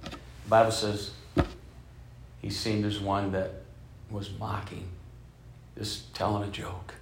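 A man in his fifties preaching a sermon as a bishop, telling stories and swinging between loud emphasis and soft, hushed passages. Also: on the low side, level tone, slow pace, creaky, reverberant, noisy background. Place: church sanctuary.

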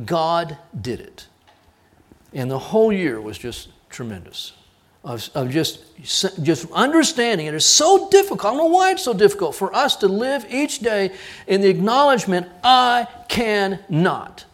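Middle-aged male pastor, higher-pitched voice, lively storytelling sermon with acted-out lines. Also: moderate pace. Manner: animated storytelling, acting out dialogue.

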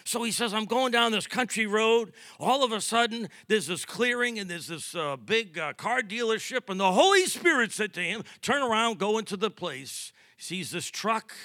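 A male preacher delivers his sermon in a high, bright voice. He acts out conversations in his stories and slips in humor. The sound is dry, with no room echo. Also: normal speed, few pauses. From New York. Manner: storytelling with acted-out dialogue, lively and humorous. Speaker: pastor.

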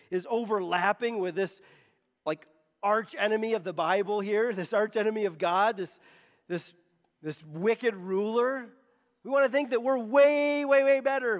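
A man's voice: extremely high pitch, in a large hall. A man preaching a sermon as pastor, emphatic and often repeating words as he presses a point.

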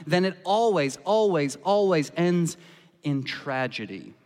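Impassioned preacher in a reverberant hall. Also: male voice, a little high, animated, takes it slowly, darkish tone. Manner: impassioned preaching, acting out quoted voices. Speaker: pastor. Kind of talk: sermon. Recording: long reverb of a church hall.

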